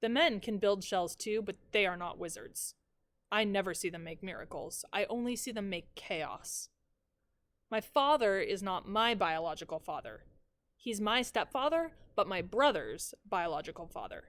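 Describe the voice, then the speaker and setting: A woman teacher reading the first chapter of a novel aloud in measured, even storytelling. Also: medium pitch.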